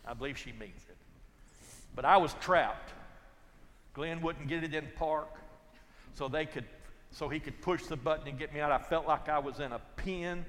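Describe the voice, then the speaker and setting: An older man preaching a sermon, telling folksy stories and swinging from loud to hushed. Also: fairly high pitch, normal speed, long pauses, in a large hall. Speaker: pastor.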